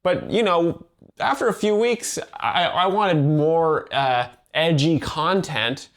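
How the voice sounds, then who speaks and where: A young man, a comedian, explaining stand-up jokes in a deadpan, mock-earnest, sarcastic manner. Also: on the high side, slow. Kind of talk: deadpan ironic commentary.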